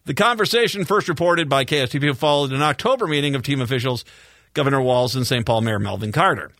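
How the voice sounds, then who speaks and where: A man's voice: medium pitch, animated, fast, fairly bright tone, no echo, studio quality. A male radio talk show host from Minnesota, chatting casually with rambling repeats and sarcastic asides. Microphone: studio microphone.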